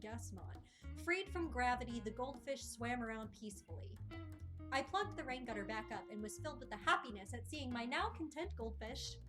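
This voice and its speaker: Woman, young adult, game streamer, reads dialogue aloud dramatically, high pitch, clear game music behind. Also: expressive, moderate pace. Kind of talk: reading a visual novel aloud on stream.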